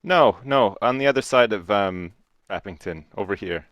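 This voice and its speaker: A man's voice: lowish voice, expressive, normal speed, a bit bright, no echo, highs cut off. A man co-hosting a casual gameplay chat, self-deprecating and mumbling his asides. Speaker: co-host.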